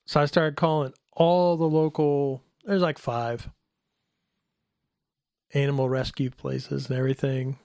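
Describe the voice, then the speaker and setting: A middle-aged man telling a personal faith story in a casual talk, animated and acting out the voices of the people in it. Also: a little slow, pauses often, no room sound, studio quality. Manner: animated, acts out quoted voices in a higher pitch. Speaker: guest telling his testimony.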